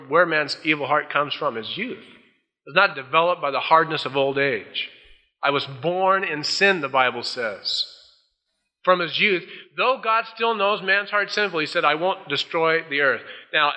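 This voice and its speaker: A man's voice: high voice, pushed and bright. A male pastor preaching a folksy sermon, acting out the voices he quotes. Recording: dull old sermon tape in a large hall.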